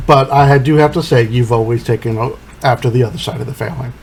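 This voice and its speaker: A man's voice: mid-range voice, fairly even intonation, fast, vocal fry, a little mellow, slight background noise, natural voice. A man voicing a sinister older mother who speaks in a drawling, coaxing way. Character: sweet-talking sinister older mother, a witch.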